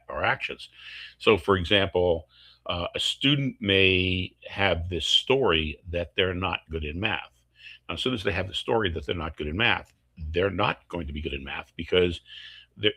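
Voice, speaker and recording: Husky low-voiced man explaining techniques. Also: sharp tone. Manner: explains step by step through worked examples. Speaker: course instructor.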